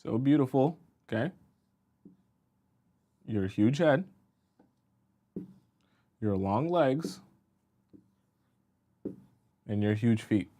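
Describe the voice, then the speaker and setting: A man's voice: mid-range voice, lively intonation, very slow, pauses often, a little mellow. A man coaching on dating in a livestream, spinning a long illustrative story and checking in with "okay?" and "right?". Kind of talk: livestream advice talk.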